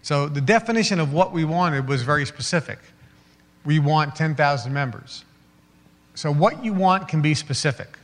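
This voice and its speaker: A man's voice: a little high, expressive, moderate pace, big-room sound. A man giving a motivational seminar talk, acting out little scenes in quoted voices and laughing along with them. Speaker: motivational speaker.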